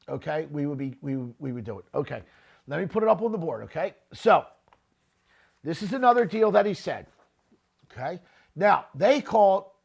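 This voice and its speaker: A man's voice: fairly high pitch, creaky. A middle-aged man hosting a real estate podcast, giving blunt, profane, unscripted commentary and often tagging his points with "okay?". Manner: grows louder and more heated, shouting at times.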